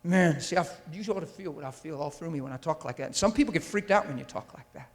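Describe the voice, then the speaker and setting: The sermon comes fast from a man with a slightly high voice, spoken into a handheld or stand mic. He is intense and emphatic, often asking the congregation whether they follow, and a long reverb fills the large church hall.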